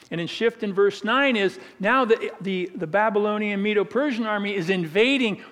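A man's voice: high voice, fairly bright tone, big-room sound. A man preaching a sermon in a conversational way, with humorous asides.

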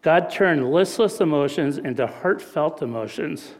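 A man's voice: on the high side, animated, unhurried. A middle-aged man preaching a conversational sermon, telling family stories in a folksy way and often checking in with "right?". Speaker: pastor. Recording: long reverb of a large hall.

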